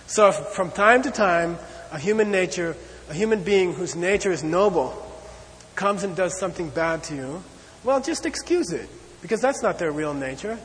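A man teaching a lecture on Buddhist ideas, talking in an animated, conversational way and checking in often with "okay?" and "you know.". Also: high-pitched, moderate pace. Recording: long hall reverb.

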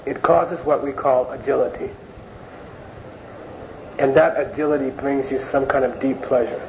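A man's medium-pitched, darkish voice holds a steady tone and moderate pace as he leads an informal Buddhist lecture. Conversational in style, he repeats phrases for emphasis; the audio is dull lo-fi with a faint hiss.

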